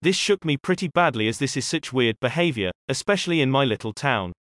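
A man narrates first-person stories in a steady, even read. His voice sits in a middle register. The recording is dry and close, with no room echo. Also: medium pitch, brisk. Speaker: narrator reading posted stories. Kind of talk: scripted narration.

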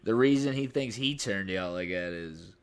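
A man's voice: low voice, animated, moderate pace, clear, resonant tone. A young man co-hosting a casual podcast, laid-back and laughing, swearing freely as he tells stories. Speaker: podcast co-host. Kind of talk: casual chat.

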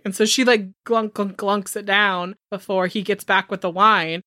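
A young adult woman casually recapping a movie on a podcast, telling it with animated, swearing storytelling and quick voices for the characters. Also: medium pitch, no echo, studio quality. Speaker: podcast co-host.

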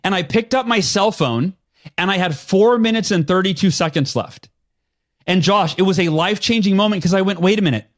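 A man with a high, light voice tells a story from his own past as a guest on a podcast. He talks with energy and acts out the things he said to himself, jumping between a calm telling and sudden animated bursts. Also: normal speed.

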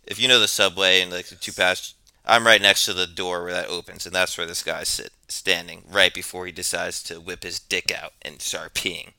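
A man's voice: deep voice, flat delivery, moderate pace, bright, forceful tone, no room sound. A man telling a long story in a rambling, laid-back, profane way, as a podcast co-host. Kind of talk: casual storytelling. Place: New York.

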